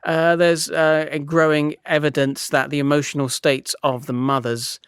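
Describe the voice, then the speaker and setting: Clear-voiced man musing aloud. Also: fairly high pitch, level tone, normal speed, fairly bright tone, dry recording, studio quality. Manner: self-mocking, digressive, stammering restarts. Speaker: podcast host. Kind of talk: rambling solo monologue.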